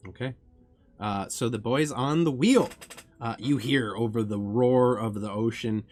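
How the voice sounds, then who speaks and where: A man's voice: medium pitch, a little slow, a little mellow, a little hiss or hum. A man narrating a tabletop game as game master, describing scenes with filler restarts.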